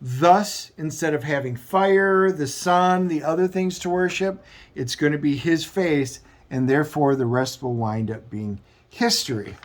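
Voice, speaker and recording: A man's voice: a little high, a little slow. A man hosting a comic book review show, retelling the plot in a loose, rambling way with frequent restarts. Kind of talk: casual plot recap.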